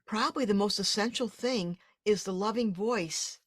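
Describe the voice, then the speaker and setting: A woman's voice: medium pitch, moderate pace, a bit bright, no room sound. Dry-sounding woman host, thoughtful. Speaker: podcast host. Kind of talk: interview conversation.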